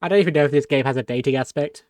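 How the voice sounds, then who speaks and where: A man's voice: mid-range voice, racing, darkish tone, dry recording. Chatty man streaming a game. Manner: chatty, laughs often. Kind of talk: game commentary.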